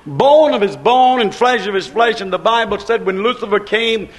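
A man preaching a sermon in a rhythmic, repetitive cadence, drawing out his stresses and rising to shouts. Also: sits high, animated. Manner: preaching with slow, drawn-out stresses and shouted peaks.

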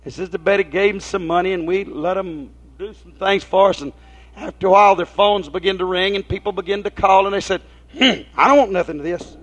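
A man with a high voice and fairly even intonation preaches briskly, giving a folksy sermon. He relates homespun stories and poses rhetorical questions to the congregation, all on a dull lo-fi recording.

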